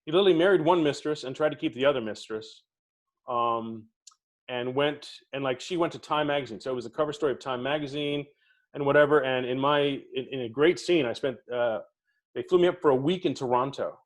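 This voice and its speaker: Speaking a little fast in a mid-range voice, a middle-aged man being interviewed as a podcast co-host shares theatre tales casually. He brings the anecdotes to life by acting out the quoted people.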